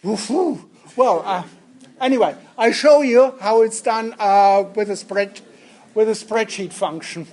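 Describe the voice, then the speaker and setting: A man's voice: sits high, measured pace, a little mellow. A man lecturing students in a lecture room, jokey and interactive, often putting questions to the class. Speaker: university lecturer. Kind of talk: lecturing on statistics.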